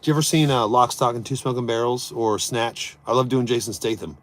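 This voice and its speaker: A man hosting a casual live stream, joking around and answering viewers' chat, swinging between loud bursts and mumbled asides. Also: medium pitch, steady tone, a little fast.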